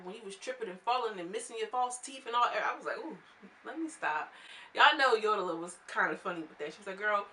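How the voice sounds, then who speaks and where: A woman's voice: mid-range voice, slight background noise. A young woman recapping a reality show in a chatty, casual vlog, acting out what people said. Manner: chatty, animated, quotes people in voices. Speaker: reality TV reviewer.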